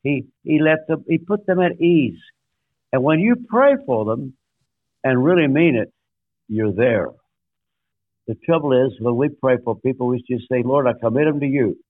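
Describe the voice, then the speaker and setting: A man's voice: medium pitch, animated, a little slow, pauses often, no room sound. An older man, a guest pastor, telling a story in a sermon-like way, making emphatic numbered points and acting out quotes. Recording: dry, tinny phone-like line.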